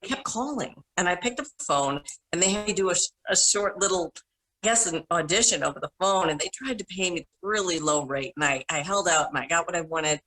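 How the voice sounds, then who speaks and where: A middle-aged woman from Minnesota, a panel guest rambling through animated anecdotes and correcting herself as she goes. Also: lowish voice, a little fast, rough recording. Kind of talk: casual storytelling.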